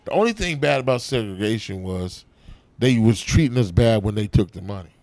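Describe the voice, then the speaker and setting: A man, an actor and comedian, telling profane, animated stories in a casual interview backstage at a comedy club. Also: on the low side, brisk, no echo. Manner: profane, animated storytelling with acted-out quotes.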